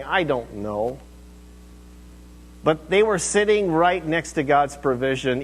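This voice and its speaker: A male pastor giving a sermon in a church, speaking conversationally and asking the listeners rhetorical questions. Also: medium pitch. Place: church sanctuary. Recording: echoey hall reverb.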